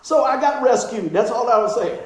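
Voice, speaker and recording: In a very echoey hall, a middle-aged pastor preaches, his voice very high-pitched and brisk. He animatedly recounts a childhood story, laughing and giving the characters their own voices.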